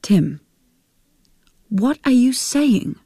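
A woman's voice: on the high side, very animated, extremely slow, warm tone, slightly rough, no room sound, studio quality, voice pushed up, exaggerated voice. Woman voicing a tearful defensive mother. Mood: pleading. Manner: pleading, defensive. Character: tearful unfaithful middle-aged mother.

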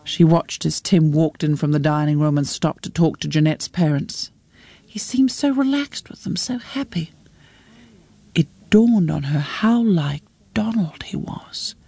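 A woman narrating a story in a measured, close storytelling read. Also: sits low, creaky, dark tone, husky, dry recording. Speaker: audiobook narrator. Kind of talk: scripted narration.

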